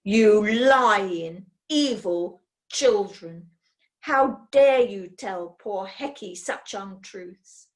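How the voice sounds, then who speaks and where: A woman's voice: mid-range voice, expressive, normal speed, natural voice. A woman reading a storybook aloud, voicing a scheming, pompous middle-aged male furrier who blusters indignantly.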